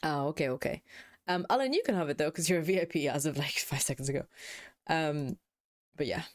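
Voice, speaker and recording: Young woman, streamer, casual playful chat, cursing, lowish voice. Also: brisk. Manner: chatty, swears freely, playful. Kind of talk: casual live-stream chat while gaming.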